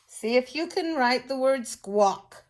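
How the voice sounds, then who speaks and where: An older woman teaching children phonics, slowly and patiently sounding out words and letters. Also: high-pitched, lively intonation.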